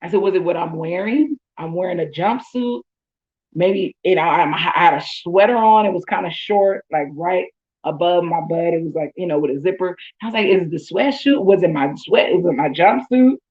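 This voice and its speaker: A woman's voice: lowish voice, moderate pace, highs cut off. A woman host, telling her own story in casual talk and acting out her thoughts in quotes.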